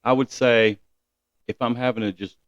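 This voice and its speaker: A man's voice: mid-range voice, steady tone, moderate pace, no room sound, highs cut off. A man guesting on a podcast, laid-back and slangy, often calling people dude. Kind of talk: casual podcast chat.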